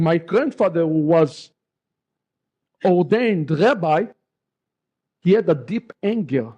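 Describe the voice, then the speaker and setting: A middle-aged man with an Israeli accent, a rabbi giving a lively personal testimony and acting out remembered dialogue. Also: fairly high pitch, lo-fi sound. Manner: lively storyteller who acts out remembered dialogue.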